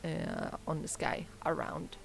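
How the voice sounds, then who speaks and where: Slow, giggly woman game master. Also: low voice, huge pitch swings, vocal fry, slight background noise. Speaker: game master and stream host. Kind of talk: casual tabletop game narration.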